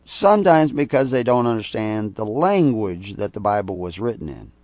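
A man's voice: fairly low pitch, very animated, normal speed, darkish tone, no echo. An older man giving a rambling sermon-style teaching talk, hitting key words with sudden emphasis. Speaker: preacher.

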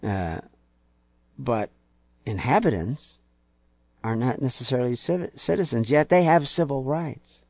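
A man preaching a sermon, building to loud, emphatic peaks and putting on mocking voices for quoted people. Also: mid-range voice, lively intonation, measured pace, long pauses, no room sound.

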